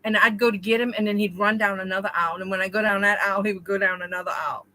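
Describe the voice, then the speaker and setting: A woman co-hosting a casual chat between friends, telling animated stories and addressing listeners casually. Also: mid-range voice, racing, poor audio. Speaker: co-host.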